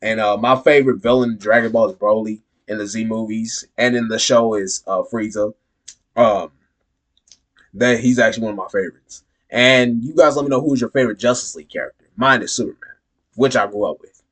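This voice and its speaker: A man's voice: lowish voice, fairly bright tone. A man hosting a reaction video, talking casually and hyping his viewers toward a call-and-response sign-off.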